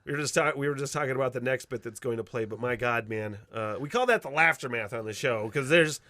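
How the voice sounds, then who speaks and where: A man's voice: medium pitch, fast, sharp tone, no room sound. A man hosting a radio show, chatting casually and rambling with lots of fillers. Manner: rambling, laughs easily, many "uh" fillers.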